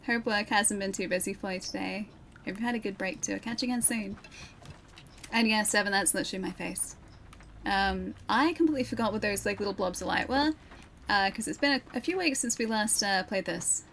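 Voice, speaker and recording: A woman's voice: mid-range voice, brisk, creaky, a bit bright, a little hiss or hum. Chatty woman streaming a game. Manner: chatty, laughs often, greets chat by name. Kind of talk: casual chat while playing a game.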